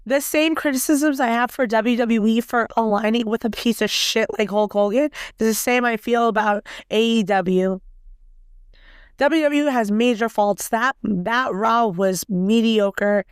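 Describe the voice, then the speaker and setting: Raspy, profane woman ranting on a podcast. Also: fairly high pitch, a little slow, no echo, studio quality. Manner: blunt, profane, heated. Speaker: podcast host. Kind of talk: casual solo wrestling podcast rant.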